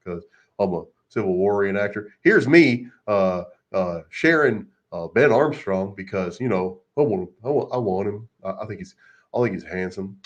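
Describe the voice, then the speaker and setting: A man's voice: fairly low pitch, animated, normal speed, dull audio, lightly acted. A man voicing a mocked, whiny male cowboy reenactor with exaggerated sobbing and boasting. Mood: boastful.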